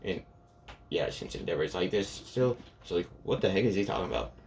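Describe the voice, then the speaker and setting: A man's voice: low-pitched, animated, fairly quick, a little mellow, slight background noise. A man casually retelling a fan story, rambling and filling gaps with "and yeah" and "pretty much".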